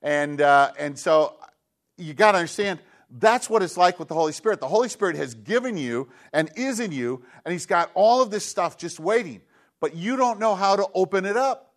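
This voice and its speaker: A man's voice: high voice, expressive, normal speed. A man preaching a sermon in an earnest, conversational way, moving between teaching and everyday stories.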